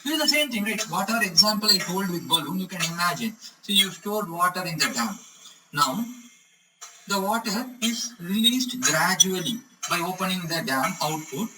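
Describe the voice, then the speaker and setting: A man with a high-pitched, animated voice teaches an electronics lesson at a moderate pace, explaining each step and repeatedly asking "correct?" to check the class is following. The mic is distant and the background is noisy.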